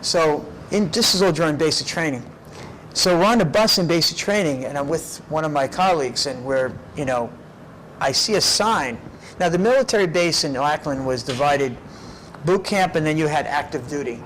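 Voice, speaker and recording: A middle-aged man telling his life story in an interview, animated and often tagging his lines with "right?". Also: fairly high pitch, normal speed, slight background noise, rough recording. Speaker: documentary subject.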